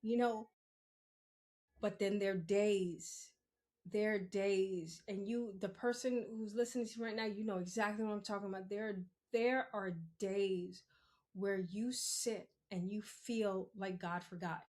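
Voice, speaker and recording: A young woman from Queens, New York, hosts a spiritual podcast as a casual solo monologue. Her mid-range voice is steady and darkish and moves at a measured pace as she chats bluntly, laughs often, and swears freely.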